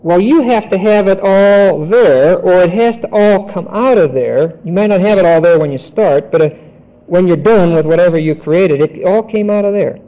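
A man teaching a Bible study lecture, deliberate and emphatic, spelling out Greek words. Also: high-pitched, mellow. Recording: dull lo-fi recording.

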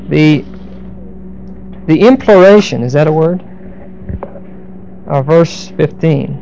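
Dark-toned man teaching a sermon. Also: a little high, gravelly, slight background noise, poor audio. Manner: explains Greek grammar with asides and humor. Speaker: pastor. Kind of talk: verse-by-verse sermon.

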